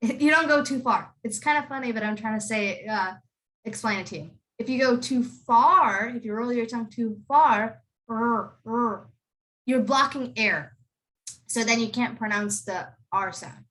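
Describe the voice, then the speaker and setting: A woman's voice: on the high side, moderate pace, fairly bright tone. A young woman teaching pronunciation to children over a video call, patiently explaining and repeating model words. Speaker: accent tutor. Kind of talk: online pronunciation lesson for kids.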